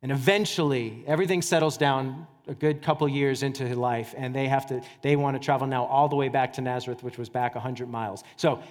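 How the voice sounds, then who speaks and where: A man pastor preaching a sermon in a conversational, animated way, with casual asides. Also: mid-range voice, brisk, few pauses. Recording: church hall reverb.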